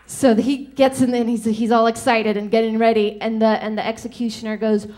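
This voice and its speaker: A woman's voice: on the high side, fairly even intonation, moderate pace, hardly any pauses, darkish tone. A woman comedian doing a stand-up set, giggling as she tells a joke and acts out voices.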